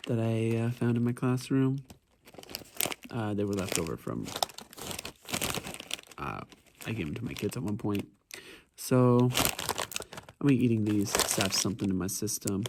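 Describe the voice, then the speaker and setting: A man's voice: lowish voice, creaky, very noisy. A man talking casually to his vlog camera, rambling with lots of ums and uhs, sometimes with his mouth full. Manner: talks while eating. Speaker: vlogger.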